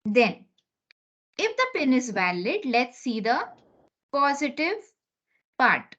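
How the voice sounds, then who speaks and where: A woman teaches an online class in a high-pitched, sing-song voice that is slow and a little bright, walking through each step and often asking "okay?". It's a lo-fi online meeting recording captured on a computer mic during a video call.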